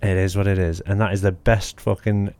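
A man's voice: sits low, flat delivery, brisk, darkish tone, no echo. Blunt, sweary man. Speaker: podcast co-host. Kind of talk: casual banter among friends.

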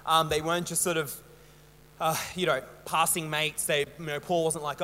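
A man's voice: fairly high pitch, steady tone, normal speed, a bit bright, big-room sound. A young Australian man preaching a sermon in a chatty, rambling, self-mocking way, full of fillers. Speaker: pastor. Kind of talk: casual storytelling sermon.

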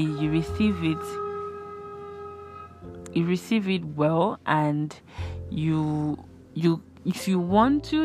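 Chatty Nigerian woman with a low voice. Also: a little mellow. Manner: chatty, earnest, acts out little dialogues in a higher voice. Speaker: host. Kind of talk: casual advice talk.

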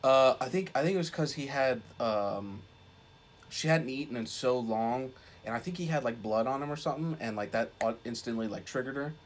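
A man's voice: mid-range voice, brisk, a little hiss or hum. Young man rambling in casual podcast chat. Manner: rambling, swears a lot, heavy use of "like". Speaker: podcast co-host.

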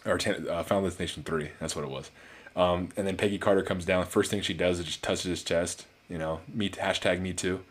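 A man's voice: sits low, steady tone, fairly quick. A man giving a casual, rambling movie review on his channel, full of fillers and restarts.

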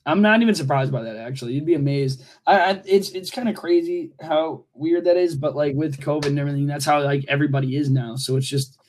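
A young man co-hosts a casual podcast in a high-pitched voice. He talks loosely and jokes around, cursing freely as he chats with his friend. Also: fast, hardly any pauses, a little mellow. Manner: loose, joking, swears freely. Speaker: podcast co-host. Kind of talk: casual chat.

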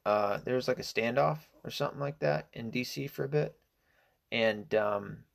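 A man's voice: fairly low pitch, normal speed, vocal fry. A man giving a casual, indignant opinion monologue, rambling and hesitant with many fillers, restarts and swearing. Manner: profane and indignant. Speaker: political commentator.

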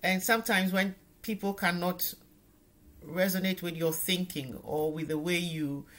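A woman's voice: on the low side, steady tone, measured pace, a bit bright. A woman hosting a casual talk, agreeing with her guest and adding her own view. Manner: affirming, brief agreements. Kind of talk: casual chat.

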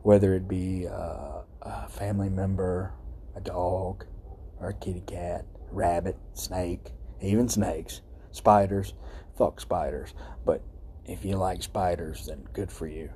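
A man's voice: low-pitched, fairly even intonation, slow, mellow, slight background noise. A man hosting his own podcast, rambling and heartfelt, swearing freely as he talks outdoors at night. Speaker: podcast host. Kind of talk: casual solo podcast monologue.

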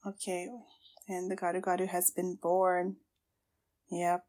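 A woman podcast host gushing through a casual watchalong, with excitable reactions, gasps and exclamations, and tearful at times. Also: fairly low pitch, measured pace.

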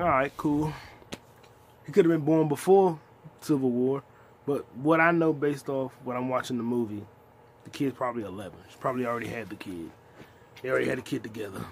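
Profane, animated man ranting about movies. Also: medium pitch, a little hiss or hum. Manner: animated, profane, retells scenes with excited outbursts. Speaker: podcast host. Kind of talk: casual movie review rant.

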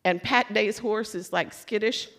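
A woman from Louisville giving a sermon as a lively personal story, acting out her own excitement and letdown. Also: medium pitch, measured pace. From Louisville, Kentucky. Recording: long hall reverb.

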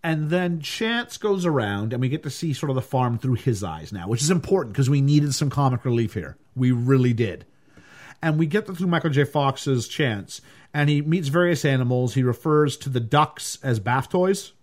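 Lively man recapping a film. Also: medium pitch, moderate pace. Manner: animated, acts out quotes, laughs often. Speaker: podcast co-host reviewing a film. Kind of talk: casual chat.

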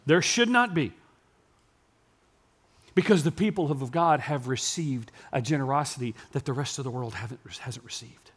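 A man, preaching a sermon to his congregation in a church and building to loud, yelling emphasis. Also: mid-range voice, animated, normal speed, breathy edge. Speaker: pastor. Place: church sanctuary.

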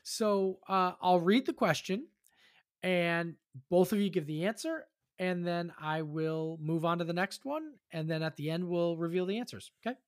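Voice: mid-range voice, normal speed. A podcast host running a casual quiz with friends over a video call, chatty and full of fillers and restarts.

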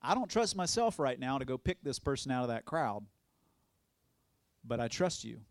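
Animated man preaching his testimony. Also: medium pitch, moderate pace, dry recording, studio quality. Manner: animated storytelling, acts out quoted voices, laughs often. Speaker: evangelist. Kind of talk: testimony sermon.

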